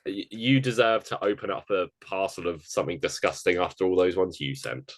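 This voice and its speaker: Low-voiced man reading award picks. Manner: chatty, running through award picks in quick lists. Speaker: podcast co-host. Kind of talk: casual chat.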